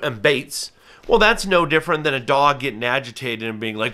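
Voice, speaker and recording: This channel host is a falconer whose medium-pitched voice sounds pushed, bright, and expressive at a normal pace. In a casual talk to camera, he earnestly and carefully explains his hobby through everyday examples.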